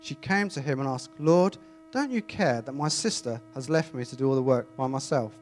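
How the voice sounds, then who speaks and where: A man reading scripture aloud and then preaching in a chatty, animated way to a congregation. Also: mid-range voice, normal speed. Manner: conversational, animated, self-interrupting. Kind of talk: Bible reading and informal sermon. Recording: faint mains hum.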